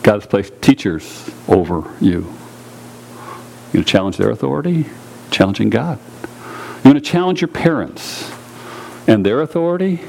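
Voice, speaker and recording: A pastor preaching a sermon in a church, earnest and direct, repeating key phrases and putting questions to the congregation. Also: male voice, lowish voice, animated, normal speed, creaky, long pauses, a little mellow, slight background noise, low-quality recording.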